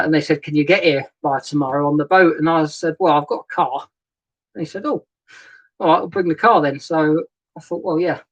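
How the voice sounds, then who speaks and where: A man's voice: on the high side, low-quality recording. Male host, casual live-stream chat from a boat cabin; easygoing, rambling, greets viewers by name; laptop webcam audio. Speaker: narrowboat vlogger hosting a live stream. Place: narrowboat cabin. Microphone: laptop webcam and new microphone.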